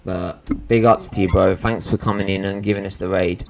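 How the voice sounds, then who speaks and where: Gravelly low-voiced man. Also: steady tone, normal speed, a little mellow, a little hiss or hum. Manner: rambling, lots of fillers and slang. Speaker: host of a live football watchalong stream. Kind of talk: casual live-stream chat.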